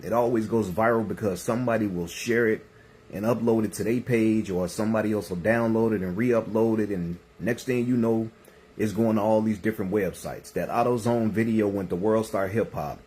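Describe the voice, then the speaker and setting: Guy talking to his followers, low husky voice, kinda braggy. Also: moderate pace, dark tone. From Chicago. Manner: boastful, swaggering. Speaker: vlogger. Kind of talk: casual address to viewers.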